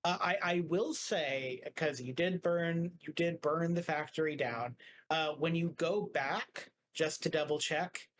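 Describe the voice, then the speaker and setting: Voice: mid-range voice, a little slow, fairly bright tone, a little hiss or hum, poor audio. A game master narrating a tabletop game in a rambling casual way, full of filler words.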